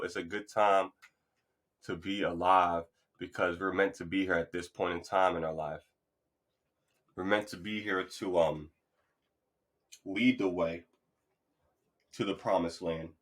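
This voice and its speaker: Solo male podcast host, lowish bright voice, loose motivational rambling. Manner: loose, rambling, upbeat and encouraging. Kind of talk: casual motivational monologue. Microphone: podcast mic.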